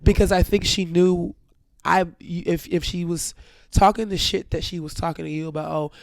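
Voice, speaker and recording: Blunt, gravelly-voiced woman storyteller. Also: fairly low pitch, moderate pace, no echo, clean studio sound. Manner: animated, blunt, swears freely. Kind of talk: casual storytelling chat.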